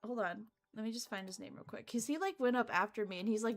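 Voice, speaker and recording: A young woman VTuber chatting casually, telling a story in an animated way, with frequent laughs and casual swearing. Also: a little high, quick pace, few pauses. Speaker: VTuber streamer. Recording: faint background music.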